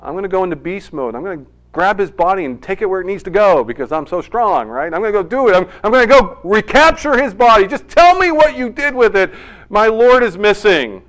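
A man's voice: high-pitched, very animated, a bit bright, pitched above the performer's own voice. A man doing a frantic grieving woman. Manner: rushed, pleading, boastful.

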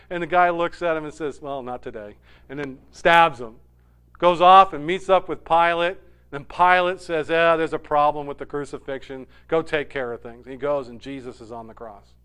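A man preaching a sermon, animated, dropping to a hush and rising loud when he acts out quoted lines. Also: on the high side, moderate pace, clear, resonant tone. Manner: animated, swings from hushed to loud when quoting. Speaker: pastor.

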